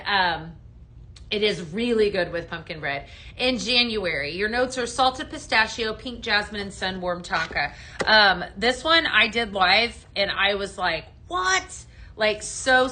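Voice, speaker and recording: Bright chatty woman hosting a live sale. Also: mid-range voice. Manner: chatty, greets viewers by name, frequent fillers. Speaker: live-selling home fragrance host. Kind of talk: live shopping stream chat.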